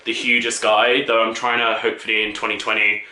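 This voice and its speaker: Young man, camp vlogger, very bright voice, echoey room. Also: on the low side, little pitch movement, fairly quick. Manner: camp, chatty, lots of fillers. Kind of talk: casual vlog chat.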